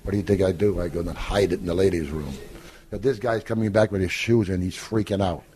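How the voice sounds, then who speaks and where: A man's voice: deep voice, fast talker. An older man, a podcast guest, telling stories casually and acting out what others said, with frequent laughter. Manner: animated storyteller who acts out quoted lines and laughs often. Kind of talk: casual storytelling in an interview.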